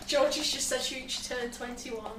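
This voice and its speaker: Woman reading viewer comments, bright voice, heard distantly in an echoey kitchen. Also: high voice, fairly even intonation, measured pace. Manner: relays comments, laughs easily. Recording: echoey kitchen, far from the mic, noisy.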